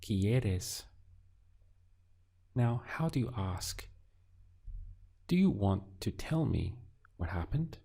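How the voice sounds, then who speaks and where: Man, language teacher, very deep voice, husky, unhurried, patient prompts. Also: sing-song, warm tone. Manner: slow, patient prompting with pauses for the learner. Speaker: Spanish teacher. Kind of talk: audio language lesson.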